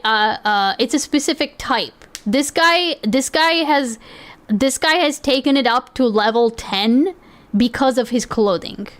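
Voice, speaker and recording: A woman streamer with a voice a little above her usual range talks through videos in casual commentary. She is blunt and profane and often talks right over the clip. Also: sits high.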